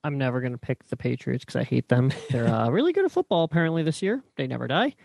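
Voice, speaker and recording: A man's voice: mid-range voice, animated, fast talker, vocal fry, a little mellow, dry recording. Offhand man in dry sports chat. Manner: offhand, rambling with fillers.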